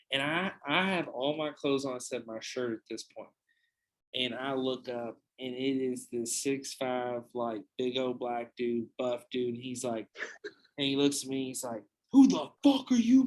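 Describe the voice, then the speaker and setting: A man's voice: mid-range voice, fairly even intonation, unhurried, fairly bright tone, rough recording. A young man hosting a podcast, telling a long anecdote in a casual, profane, rambling way with frequent restarts. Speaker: podcast host. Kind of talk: casual storytelling.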